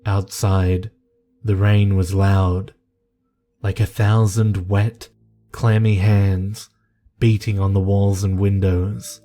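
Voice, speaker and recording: Brief: low-voiced male horror narrator, very slow and measured, soft music under. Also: little pitch movement. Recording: narration over faint music.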